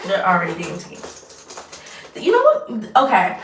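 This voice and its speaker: A woman's voice: mid-range voice, expressive, moderate pace, a bit bright, a little hiss or hum. A young woman in her twenties chatting casually while doing her makeup, rambling and trailing off mid-sentence. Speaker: vlogger. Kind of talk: casual get-ready-with-me chat. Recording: roomy echo, mic at a distance.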